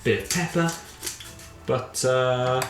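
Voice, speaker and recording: A man with a medium-pitched voice speaks slowly as he gives a playful French lesson for children from his home kitchen, repeating words for pupils to copy. He drills the vocabulary in a variety of voices. The room is echoey, with faint music in the background.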